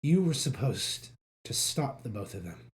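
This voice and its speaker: Brief: man playing a taunting villain, cold and mocking, mid-pitched. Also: big pitch swings, unhurried. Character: menacing shapeshifting villain, cruel and mocking.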